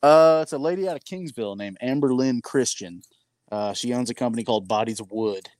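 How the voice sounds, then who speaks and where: A man who is a guest on a podcast, talking in a relaxed, easygoing way about fishing art. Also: medium pitch, a little fast, no room sound. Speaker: guest fly fisherman. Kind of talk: casual chat.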